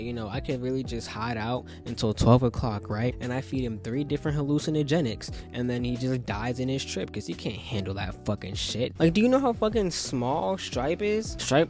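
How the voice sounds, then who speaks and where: A man ranting casually into his phone, profane and brash, trash-talking and getting worked up. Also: medium pitch. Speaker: commentator ranking game characters.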